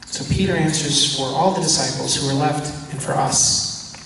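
A priest giving a teaching talk, animated and acting out the voices of the people in his story. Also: on the high side, moderate pace, a little hiss or hum. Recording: echoey church hall from far off.

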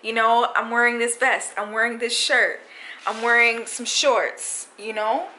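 A woman's voice: fairly high pitch, fairly even intonation, unhurried, low-quality recording. Chatty young New woman vlogging. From New York City. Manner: candid, chatty, talks straight to viewers. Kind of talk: casual vlog chat to camera. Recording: loud background noise, handheld vlog.

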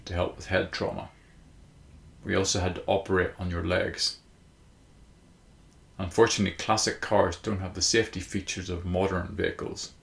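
A man doing a brisk clinical doctor. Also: deep voice, gravelly. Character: calm male hospital doctor, matter-of-fact. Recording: roomy echo.

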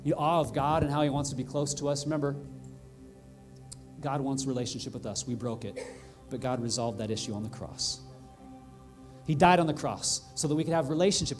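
A male pastor preaching a sermon in a church, earnest and heartfelt, building to excited emphasis. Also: medium pitch, fairly quick, soft background music. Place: church sanctuary.

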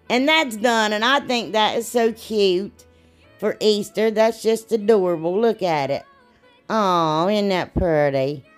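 A woman, chatting casually and rambling a little as she narrates a DIY craft video. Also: medium pitch. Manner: chatty, rambling, laughs at herself.

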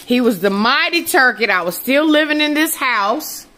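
Animated grandma vlogging. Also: female voice, high-pitched, moderate pace. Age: older. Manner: animated, teasing, exclamatory. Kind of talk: casual family vlog chat.

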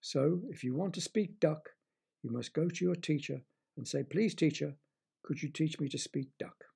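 Gravelly man reading a children's story. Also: fairly high pitch. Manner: gentle, chatty, talks directly to children. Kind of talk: bedtime story narration for children.

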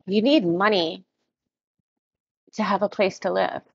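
A woman guiding an EFT tapping session, repeating short first-person statements about stress in a steady rhythm. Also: mid-range voice, measured pace, gravelly, breathy edge, no room sound. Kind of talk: guided tapping, spoken affirmations. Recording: dull lo-fi sound, dry.

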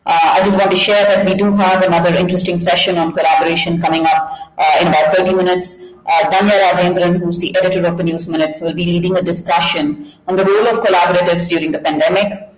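A woman's voice: lowish voice, steady tone, quick pace, hardly any pauses, roomy sound, a crowd in the background, poor audio. A woman hosting an online event, giving polite closing remarks with fillers. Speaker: host.

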